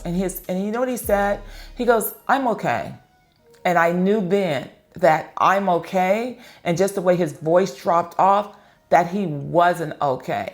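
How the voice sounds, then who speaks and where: A middle-aged woman hosting her channel, talking earnestly and directly to parents and telling personal stories as advice. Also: on the low side. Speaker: channel host. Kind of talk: personal advice talk to camera.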